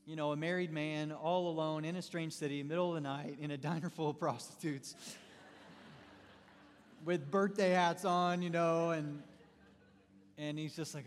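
A man preaching in a church hall, telling a story with animated shifts of pace. His voice sits a little high and carries a long reverb off the room. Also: moderate pace. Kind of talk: sermon storytelling.

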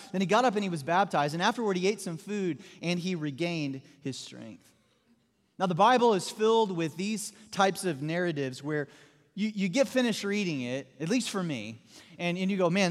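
A male pastor preaches to his congregation, acting out the people in his story with touches of humor. His voice sits a little high, and it rings with the long reverb of a large church auditorium. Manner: storytelling with acted-out asides and humor. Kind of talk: sermon.

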